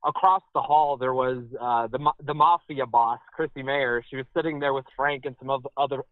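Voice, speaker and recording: A man calling in to a radio show over the phone, telling a story in a casual, animated way. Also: a little fast, no echo. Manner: animated, high-pitched, jumps up when quoting himself. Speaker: phone-in caller. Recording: tinny phone line.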